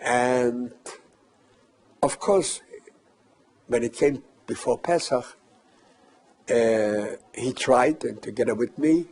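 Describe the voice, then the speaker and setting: An older man recounting a personal memory as testimony, measured and halting with pauses. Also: medium pitch, a little mellow, husky. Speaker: survivor giving testimony.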